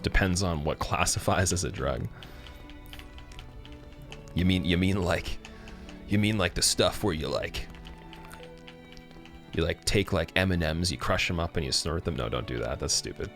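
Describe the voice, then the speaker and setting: Canadian streamer, very low gravelly voice, rambling casual talk over faint music. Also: male voice, moderate pace, long pauses, a bit bright. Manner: rambling, many fillers and restarts. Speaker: livestreamer. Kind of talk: casual chat while live-streaming a game.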